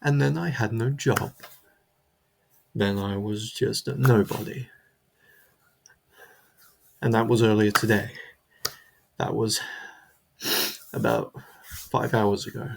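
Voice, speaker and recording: A man's voice: lowish voice, fairly even intonation, slow, creaky, pauses often, a little mellow. A man delivering a comedic character monologue, rambling and stammering, repeating himself as he justifies himself.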